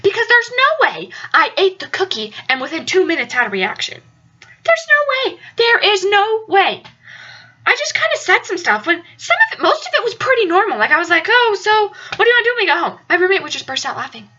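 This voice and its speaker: A young woman chatting through a story with a very high, bright voice that jumps up and down a lot. She rambles and hammers points home by repeating them. The recording sounds dull and lo-fi. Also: sing-song, brisk. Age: young adult. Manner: chatty, rambling, emphatic repetition. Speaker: vlogger. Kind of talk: casual storytelling.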